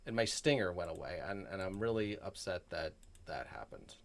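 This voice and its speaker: A man's voice: sits low, expressive, normal speed, creaky. A middle-aged man hosting a game livestream from home, chatting casually and telling a self-deprecating story, acting out what people said. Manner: rambling, self-deprecating storytelling with acted-out quotes; drops to a soft murmur when talking to a child. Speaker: livestream gaming host. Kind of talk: casual chat to stream viewers. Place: home room.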